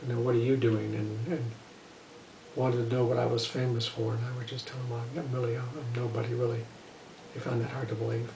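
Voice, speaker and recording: An older man telling a long casual story about his life as a musician, rambling and filling pauses with "you know" and "uh". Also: medium pitch, flat delivery, creaky, warm tone, slight background noise. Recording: roomy echo, voice from a distance.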